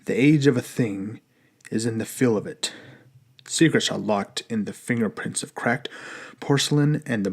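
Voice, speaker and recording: Gravelly man reading an audiobook. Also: mid-range voice. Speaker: audiobook narrator. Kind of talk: audiobook narration.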